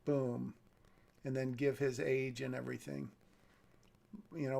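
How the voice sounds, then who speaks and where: Gravelly man musing over a script. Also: medium pitch, little pitch movement, unhurried, darkish tone. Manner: thinks aloud, hedging and self-correcting. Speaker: script reader giving feedback. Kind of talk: live-streamed screenplay read with commentary.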